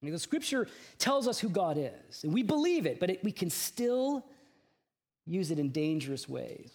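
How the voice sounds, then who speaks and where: Chatty, fairly high-voiced male pastor. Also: sing-song, moderate pace, a little mellow. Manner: conversational, chatty asides with fillers. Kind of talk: sermon with personal anecdote.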